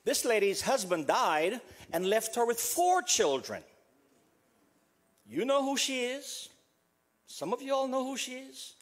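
A man from South America preaching a funeral sermon as pastor, repeating a refrain softly and building to emphatic passages. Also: very animated, a little slow, long pauses. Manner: repeats a refrain, dropping to a soft low voice.

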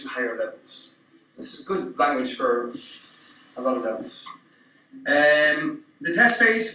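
A man's voice: on the high side, bright, forceful tone, slight background noise. A man giving a conference talk to teachers, explaining informally with some fillers. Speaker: teacher trainer presenting. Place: conference room. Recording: echoey hall, speaker far from mic.

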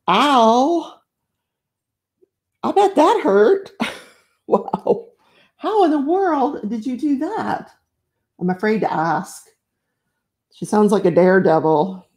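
A woman's voice: medium pitch, lively intonation, slow, pauses often, mellow. Middle-aged lady hosting a crafting livestream, gushy and chatty, lots of oh my goodness. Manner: chatty, effusive, greets viewers, frequent exclamations. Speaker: livestream host. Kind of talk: casual live-stream chat while crafting.

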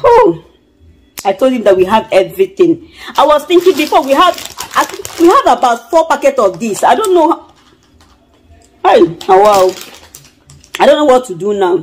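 A woman's voice: high voice, sing-song, moderate pace, pauses often, slight background noise, rough recording. A woman with a Nigerian accent talks straight to her viewers in a casual vlog. She frets aloud and circles back to the same worries, repeating her lines as she goes. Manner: chatty and fretful, repeats herself. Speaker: vlogger.

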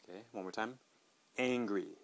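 A middle-aged man hosting a podcast English pronunciation lesson, modeling words slowly and clearly and asking listeners to repeat after him. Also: on the low side, fairly bright tone.

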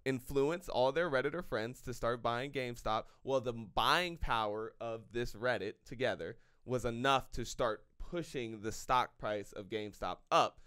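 A young man co-hosting a podcast, talking in animated bursts and restarting his sentences. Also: medium pitch, unhurried, few pauses, smooth. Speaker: podcast co-host. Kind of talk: casual chat.

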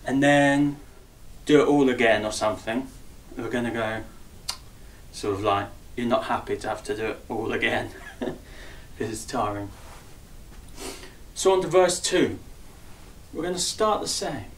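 A chatty, jokey man teaches a simple dance routine, calling out each move and counting the beats. His voice sits at a middling pitch and moves at an easy, unhurried pace. He sounds a step back from the mic in a roomy, echoing space. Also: animated, a little hiss or hum. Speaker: dance instructor. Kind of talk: dance tutorial, calling out steps. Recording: roomy echo, voice far from mic.

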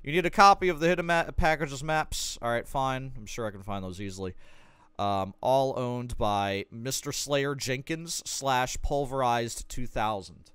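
A man's voice: mid-range voice, measured pace, fairly bright tone, clear, resonant tone, no room sound. A man streaming a game, casually reading a guide aloud with sarcastic joking asides. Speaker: gaming streamer.

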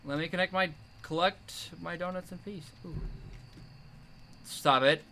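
A young man giving jumpy commentary while playing a horror game, yelling at the monster chasing him. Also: high voice, fairly even intonation, measured pace, slight background noise. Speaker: gamer.

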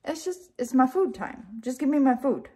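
A woman's voice: high-pitched, lively intonation, moderate pace, mellow, breathy edge. A woman voicing her hungry male pet dog as he pleads for his food in a vlog. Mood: pleading. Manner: pleading, insistent.

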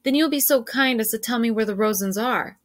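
A woman's voice: fairly high pitch, a little fast, no echo, studio quality, voice pushed up, natural voice. A woman reading aloud, voicing a stern, scornful male officer who barks orders. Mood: harsh. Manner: barking, scornful. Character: harsh stern adult male Nazi officer.

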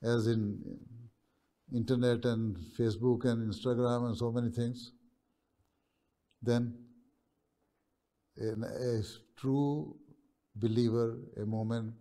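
A man as a religious leader answering students' questions over a video call, speaking in a measured, pausing way and often checking in with "right?". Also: medium pitch, flat delivery, dark tone.

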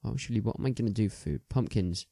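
A man's voice: on the low side, animated, quick pace, vocal fry, dark tone, no room sound, clean studio sound. A young man chatting casually as he plays a game, rambling with many ums and restarts. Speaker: gaming video host.

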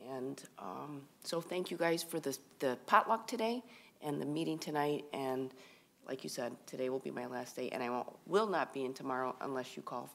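A woman's voice: a bass voice, moderate pace, creaky, slight background noise. A woman chairing a township board meeting, giving informal thanks as she closes it. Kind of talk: public meeting remarks.

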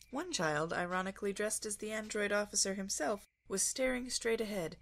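A woman podcast host reading fan fiction aloud in a calm, even storytelling manner. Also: fairly low pitch. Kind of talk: audiobook narration.

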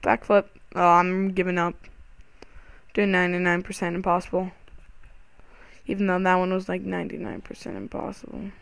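A young man giving excitable, panicky let's-play commentary over a game, full of startled exclamations. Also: sits high, normal speed, gravelly, long pauses, clear, resonant tone, no echo. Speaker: gaming channel host.

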